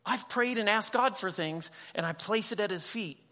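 A man's voice: high-pitched, normal speed, sharp tone. A man preaching a sermon as a pastor, talking conversationally, with humorous asides and dialogue acted out in quoted voices.

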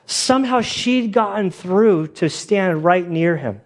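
A male pastor delivers a casual, story-driven sermon in a voice pitched a little above the usual for a man. He talks loosely and chattily, with plenty of fillers, and jumps up in pitch when he acts out the people in his anecdotes. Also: expressive, takes it slowly. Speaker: pastor and police chaplain. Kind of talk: conversational sermon.

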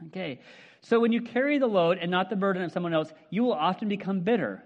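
A man's voice: high voice, quick pace, dull audio. A middle-aged male pastor giving a casual, conversational sermon, asking his congregation questions with many fillers. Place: church hall with congregation.

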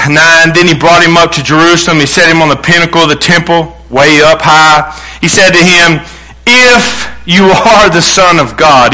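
A man preaching a sermon, emphatic and quick, voicing the lines of people he quotes. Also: fairly high pitch, pushed and bright, low-quality recording. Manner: emphatic preaching, acts out quoted voices, restarts. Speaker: pastor.

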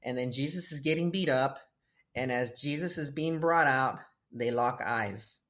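A man who coaches tennis, chatting casually about faith and telling lively stories with acted-out voices. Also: medium pitch, measured pace. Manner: animated storytelling, acts out voices of kids and God. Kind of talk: casual faith-based conversation.

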